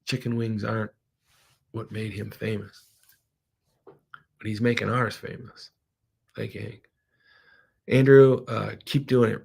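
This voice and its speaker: A man's voice: medium pitch, gravelly. A middle-aged man, a business owner, talking through a casual livestream in a rambling, heartfelt way, emotional at times.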